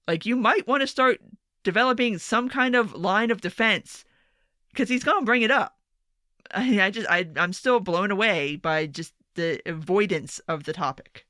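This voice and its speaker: Sarcastic young woman commentator, bright voice, dry close sound, casual rant delivery. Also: medium pitch, moderate pace, no room sound. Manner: sarcastic, swearing, exasperated asides. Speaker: political commentator. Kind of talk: casual opinion monologue.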